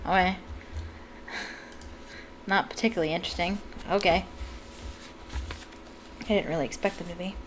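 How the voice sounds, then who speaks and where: A woman's voice: fairly low pitch, steady tone, measured pace, long pauses, a little hiss or hum, poor audio. Woman reading a novel aloud, chatty asides. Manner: chatty asides between narrated passages. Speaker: book reader.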